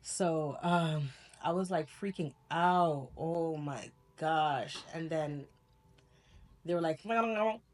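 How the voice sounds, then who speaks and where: Rambling, animated woman telling a story. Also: low-pitched, takes it slowly. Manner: rambling, animated, laughs often, self-correcting. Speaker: spiritual vlogger. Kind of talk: casual storytelling to camera.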